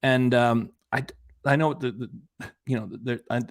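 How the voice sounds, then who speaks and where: A man's voice: mid-range voice, steady tone, moderate pace, no echo, studio quality. A man hosting a reaction channel, giving sarcastic, rambling casual commentary.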